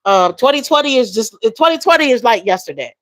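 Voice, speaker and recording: A woman hosting a livestream, talking emotionally and softly with viewers, reading their comments and calling them y'all. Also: a little high, expressive, a little fast, no echo, rough recording. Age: adult with a young daughter. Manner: emotional, soft-spoken, repeats phrases, addresses viewers as y'all and baby. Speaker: livestream host.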